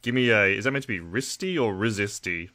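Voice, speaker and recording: A young man streaming from home, talking casually with a crude, joking edge as he reads out chat. His voice sits fairly low yet sounds bright and forceful. The sound is close and dry. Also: animated, brisk, dry recording. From Australia. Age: 20s. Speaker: livestreamer.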